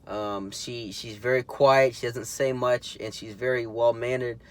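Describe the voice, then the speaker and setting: A man hosting his own political commentary show talks casually and indignantly, mocking as he goes and rambling with lots of fillers and restarts. His mid-range voice has fairly even intonation and a slightly slow pace.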